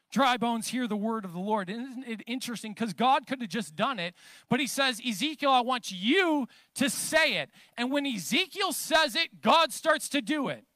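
A man's voice: very high voice, fairly bright tone, dry recording. A pastor in his thirties preaching a sermon, talking conversationally and then building into emphatic declarations.

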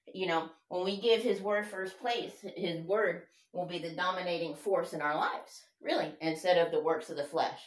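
A woman preaching an informal sermon in an earnest, conversational way. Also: lowish voice. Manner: earnest, conversational, fumbles while looking up verses. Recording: echoey room.

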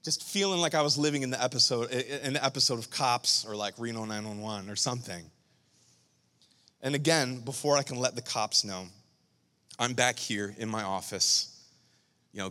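A man who is a pastor, telling a story during a sermon with animated, emotional delivery. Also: medium pitch, big-room sound.

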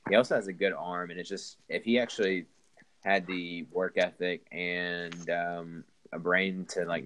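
Deep-voiced young man rambling about football. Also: fairly bright tone, poor audio. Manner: rambling, restarts sentences, Southern "y'all". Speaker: podcast host. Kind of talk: casual sports chat.

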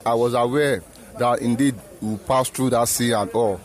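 A man's voice: mid-range voice, steady tone, normal speed. A Nigerian man with a Nigerian accent describing his migration journey in an interview, speaking earnestly and sometimes repeating himself. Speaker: returned migrant. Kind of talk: interview testimony. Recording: outdoor crowd noise behind.

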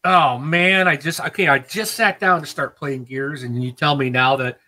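Rambling and laughing a lot, this podcast co-host is an animated man in his thirties chatting casually about gaming. He speaks at a moderate pace in a slightly high voice, over a rough recording.

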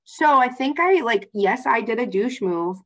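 Animated young woman telling a bar story. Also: a little high, unhurried, poor audio. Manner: animated, swearing, laughing through a story. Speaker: podcast co-host. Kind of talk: casual storytelling chat.

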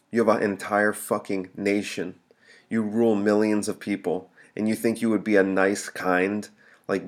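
A man with a slightly low voice rambles through a solo podcast rant, cracking jokes as he goes. He restarts his sentences often and talks the loose, off-the-cuff way a comedian does on his own show.

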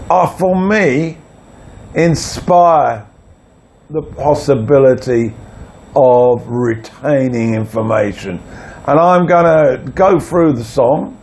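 A man giving a spoken language lesson, reading song lyrics aloud and pausing often with hesitations. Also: medium pitch, vocal fry, a little mellow. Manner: slow, measured, with frequent hesitations. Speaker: language teacher.

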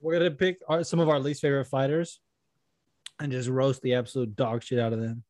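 A man's voice: medium pitch, flat delivery, a little fast, a little mellow, dry recording, studio quality. Profane giggly man on a podcast. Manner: profane, giggly, acts out voices in stories. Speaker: podcast co-host. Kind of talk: casual stoned chat.

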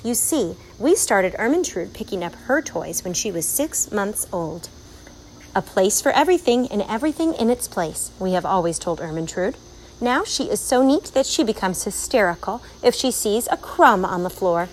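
A woman voicing a smug, tidy-minded neighbor lady in a storybook reading, lecturing and raised in pitch. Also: sing-song, moderate pace, a little hiss or hum, low-quality recording.

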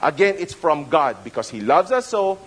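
A man's voice: on the high side, very animated, moderate pace, fairly bright tone, slightly rough, low-quality recording. A middle-aged man with a Filipino accent, preaching a conversational sermon that slips into Tagalog phrases. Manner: conversational, mixes in Tagalog phrases, many restarts. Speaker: pastor.

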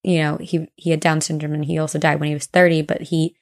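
A young woman with a somewhat low voice co-hosts a casual podcast. She tells ghost stories in a chatty, animated way and acts out the people in them. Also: fast. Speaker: podcast co-host. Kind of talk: casual chat, storytelling ghost lore.

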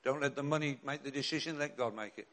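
A man's voice: mid-range voice, quick pace, fairly bright tone. An older man, a bishop and chaplain preaching a sermon in an earnest, direct way with rhetorical questions and repeated refrains.

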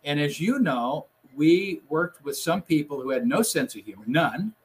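A man's voice: on the high side, normal speed, husky. A man who once produced TV newscasts, telling funny stories in a casual chat. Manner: animated, laughing storyteller. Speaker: former TV news producer.

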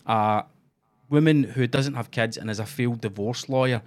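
A man's voice: medium pitch, normal speed. A Scottish man co-hosting a casual chat, ranting and swearing with heavy sarcasm. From Scotland.

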